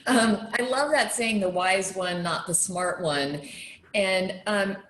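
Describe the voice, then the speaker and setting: A woman's voice: mid-range voice, takes it slowly, fairly bright tone, roomy sound. A woman emceeing a panel, who talks conversationally and thinks aloud as she frames her questions. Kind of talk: moderating a panel.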